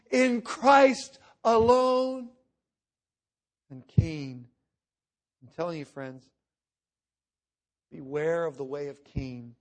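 A middle-aged man preaching a sermon, swinging from loud emphatic reading to hushed, intense asides. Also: on the high side. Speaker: pastor.

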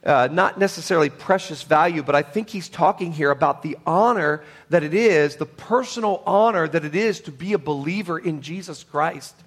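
A male pastor preaching a sermon. He is emphatic and swings from loud, high declarations to hushed, low tones. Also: moderate pace, hardly any pauses, breathy edge.

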